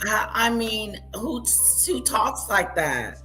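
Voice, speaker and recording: A woman's voice: mid-range voice, sing-song, takes it slowly, bright, forceful tone, soft background music. A woman hosting a reaction stream, scornfully talking back at the clips she plays. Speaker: commentary streamer. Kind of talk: reaction commentary.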